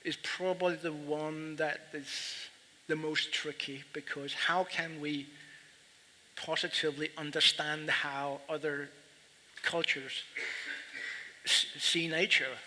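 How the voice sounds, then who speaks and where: A man moderating a panel discussion, speaking in a halting, reflective way and often repeating words. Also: fairly high pitch, level tone, sharp tone. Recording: reverberant hall, faint background noise.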